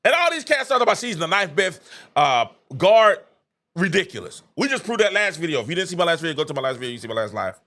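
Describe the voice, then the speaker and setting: High-voiced guy doing a sports talk show live, voice jumps all over, excitable, laughing as he goes. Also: quick pace. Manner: excitable, laughs mid-sentence, acts out quoted exchanges. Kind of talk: animated live sports commentary.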